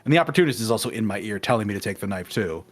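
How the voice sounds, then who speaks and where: A man's voice: lowish voice, racing. A man talking casually with a friend, retelling his playthrough at length. He drops into the characters' voices for quotes, then slips back into plain narration. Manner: animated storyteller acting out quotes. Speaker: guest in a game discussion. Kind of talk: casual conversation.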